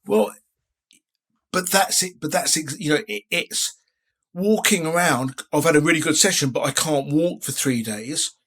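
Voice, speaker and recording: This is a sixty-something man speaking as a guest in a relaxed interview. He wanders through his thoughts, often restarting and leaning on fillers, in a somewhat high, slightly bright voice that never hurries.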